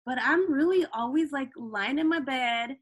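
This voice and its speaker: A middle-aged woman chats openly as a guest on an interview show. Her voice sits a little high, and she keeps dropping "you know" between thoughts. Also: normal speed. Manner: chatty, frequent "you know" asides. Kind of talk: casual interview chat.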